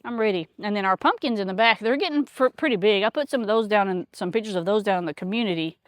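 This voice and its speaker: A woman's voice: medium pitch, quick pace, no room sound. Chatty woman vlogging in a garden. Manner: rambling, many fillers. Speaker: homesteader vlogger. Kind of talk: casual chat. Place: outdoors in a garden.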